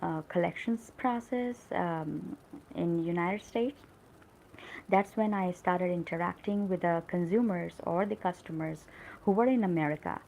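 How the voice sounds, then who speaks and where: Woman, Indian English accent, gravelly fry, lower pitch, encouraging and chatty, live English lesson. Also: measured pace, darkish tone, a little hiss or hum, low-quality recording. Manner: chatty, encouraging, many fillers. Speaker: English teacher hosting a live stream. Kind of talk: casual live-stream talk.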